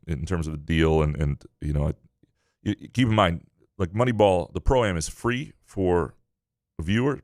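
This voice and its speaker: A man co-hosting a sports podcast, answering listener questions in a casual, halting way with frequent restarts. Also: deep voice, no echo, clean studio sound. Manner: halting, many restarts and fillers. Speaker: podcast co-host.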